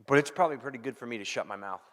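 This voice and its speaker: A man preaching a sermon as pastor, emphatic, repeating key phrases and dropping from loud to hushed. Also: medium pitch, very fast, in a large hall.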